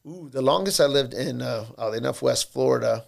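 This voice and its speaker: Man in his thirties, gravelly fry in the voice, mid-range pitch, loose swearing studio banter. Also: fairly quick. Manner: rambling, profane, joking. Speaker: podcast guest. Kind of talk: casual podcast chat. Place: podcast studio.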